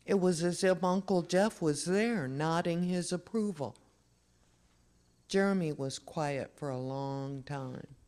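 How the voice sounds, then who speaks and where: A reader at a memorial service, reading a children's story aloud in a slow, expressive way. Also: medium pitch.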